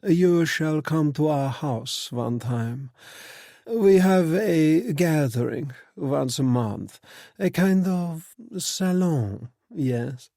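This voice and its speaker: A silky, languid woman in her thirties, put on by a male narrator, unhurried and regal. Her voice is smooth and a little distant, in a dry recording. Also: fairly high pitch, expressive, warm tone, no room sound, pitched above the performer's own voice, full character voice. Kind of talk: audiobook character reading.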